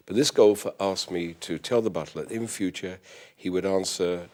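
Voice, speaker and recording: An older man from London's East End with a softened London accent, a toastmaster who runs a butler school, answering interview questions in a polite, precise and formal way. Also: low voice, moderate pace.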